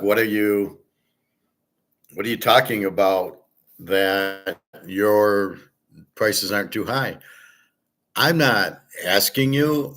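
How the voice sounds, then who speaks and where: Blunt, low-voiced man ranting casually. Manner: blunt, opinionated, swears casually; rambling with fillers, trails off quietly. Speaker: host. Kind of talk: casual monologue.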